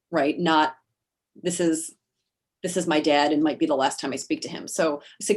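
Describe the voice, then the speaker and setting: A woman telling her own story as an interview guest on a video call, halting, with many fillers and restarts. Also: low voice, fairly even intonation, husky. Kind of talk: personal account in an interview.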